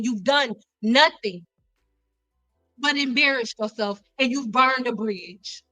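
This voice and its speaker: A woman's voice: on the high side, takes it slowly, bright, forceful tone, no echo, soft background music, poor audio. A woman talking intensely in a heated livestream monologue, emphatic and repeating herself. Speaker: YouTuber, spiritual coach.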